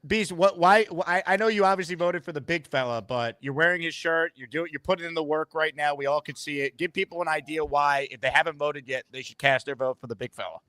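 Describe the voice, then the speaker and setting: A man's voice: on the high side, quick pace, few pauses, pushed and bright, no room sound. A man hosting a sports podcast, chatting casually and playfully egging on his guests. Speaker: podcast host.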